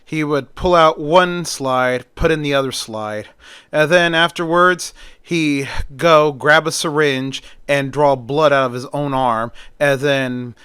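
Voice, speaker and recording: A man's voice: a little high, slow pace, a bit bright, clear, resonant tone, dry recording, clean studio sound. A man casually retelling a film plot as a storyteller, in a plain, conversational way that keeps repeating "and then".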